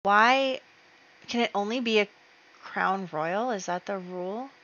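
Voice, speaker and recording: A woman's voice: mid-range voice, unhurried, fairly bright tone, muffled recording. A woman hosting a let's play, chatting casually as she narrates her game moves with fillers and small laughs.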